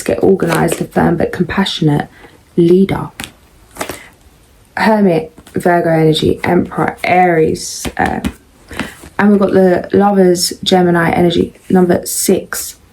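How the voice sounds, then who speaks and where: A woman doing a casual tarot reading, musing and unhurried, with frequent pauses and ums. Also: lowish voice, fairly even intonation, darkish tone, slight background noise, rough recording. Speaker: tarot reader.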